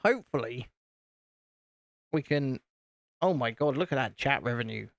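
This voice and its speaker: A man's voice: medium pitch, lively intonation, normal speed, creaky, no echo. A British man hosting a casual live stream, chatting to viewers while he builds and poking fun at himself. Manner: chatty, self-deprecating, talks to viewers.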